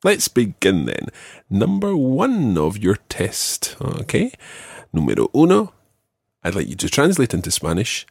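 Gravelly, husky male language teacher. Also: on the low side, huge pitch swings, unhurried, no room sound, studio quality. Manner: patient, clear, repeats and models phrases. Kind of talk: guiding a student through a spoken quiz.

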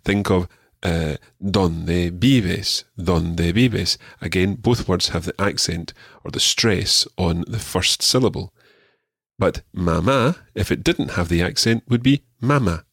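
Male language tutor, low and a touch husky, patient, repeats and praises. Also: fairly bright tone, no room sound, studio quality. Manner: patient, encouraging, repeats words slowly. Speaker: language teacher. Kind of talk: radio language lesson.

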